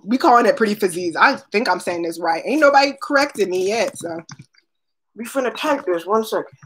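This woman speaks in a medium-pitched, expressive voice at a fairly quick pace, with slight background noise. An unboxing vlogger, she chats on a live stream, calls viewers by name, and laughs often as she unpacks products.

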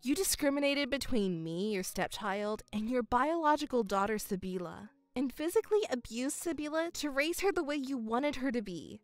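A woman voicing a calm, cold young stepdaughter in a dramatized story, speaking in a measured, coolly firm way. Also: high-pitched, soft background music.

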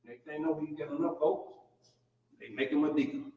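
Older male pastor, folksy sermon, high and lively voice, heard from far off in a big echoing hall. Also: brisk, long pauses, highs cut off. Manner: folksy, preaching with lively swings between loud and low. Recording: echoey church hall, mic far off.

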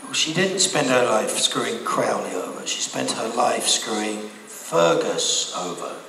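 A man with a gravelly, creaky voice, answering fan questions in a wry, rambling way. He sounds distant, his words bouncing around a huge hall with a long reverb tail and steady noise underneath. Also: medium pitch, measured pace, a crowd in the background. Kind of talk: convention panel Q&A. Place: large convention hall. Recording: echoey hall heard from afar.

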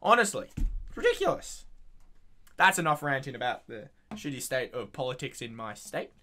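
A man's voice: medium pitch, very animated, normal speed, sharp tone. An Australian man hosting a reaction video, ranting in a sweary, slangy, casual way.

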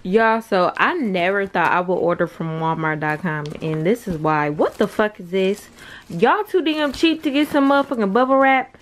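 Young woman, vlogger, casual home chat, blunt, slangy, swears, medium pitch, camera mic. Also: expressive, normal speed, hardly any pauses. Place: at home, just out of bed.

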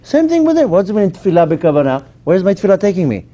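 Animated rabbi, mellow higher voice. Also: male voice, fast. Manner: emphatic, animated teaching with questions to the audience. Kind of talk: Torah class to a live audience.

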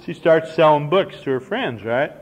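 A man's voice: on the high side, animated, moderate pace. A man in his forties from Nebraska telling a folksy, self-deprecating personal story to a recovery meeting. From Nebraska, United States. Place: conference hall. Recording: dull, slightly hissy old cassette tape.

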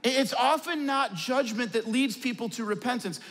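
This pastor, whose voice is fairly high, delivers a storytelling sermon in a large church auditorium where a long hall reverb trails after him. He moves at a moderate pace with hardly any pauses, going quiet and gentle to land key points.

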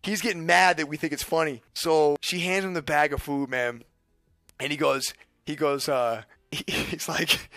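Young guy streamer, fairly high voice, restless, swearing, restarting lines as he tells a story. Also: moderate pace, no room sound. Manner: excited, laughing, profane, many restarts. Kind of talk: casual storytelling.

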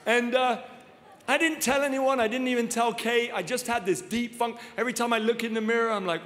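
A man in his fifties preaching a sermon full of funny personal stories, animated and self-deprecating, laughing often. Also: very high-pitched, brisk. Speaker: guest preacher. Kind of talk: humorous storytelling sermon. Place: large church auditorium. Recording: long reverb of a large hall.

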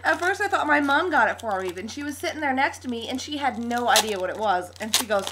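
A young woman opening a gift on her home vlog, gushing with excitable, breathless exclamations. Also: on the high side, fast, hardly any pauses, background noise. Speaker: vlogger.

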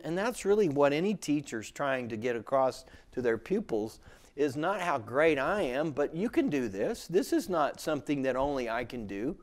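A man teaching the Bible in a relaxed, conversational way. He often restarts phrases and grows emphatic when he quotes scripture. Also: a little high. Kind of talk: sermon teaching.

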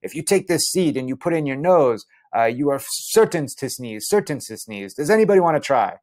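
A man's voice: mid-range voice, lively intonation, fairly quick, a little mellow, pitched above the performer's own voice, lightly acted. Man doing male tour guide, cheerful, inviting, salesy.

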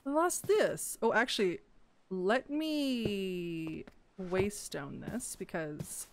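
A woman hosting a gaming let's play in casual commentary, excitable and quick to gasp and squeal at cute creatures. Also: mid-range voice, a little hiss or hum.

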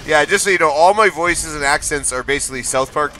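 A man streaming live gameplay, excitable, laughing often and trash-talking the enemies on screen. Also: a little high, fast, a little hiss or hum. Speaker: game streamer.

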